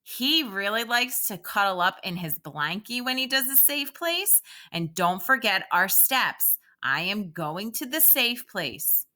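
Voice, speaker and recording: A woman teacher reading a picture book aloud to young children and guiding them through a calming exercise in a slow, sing-song way. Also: mid-range voice.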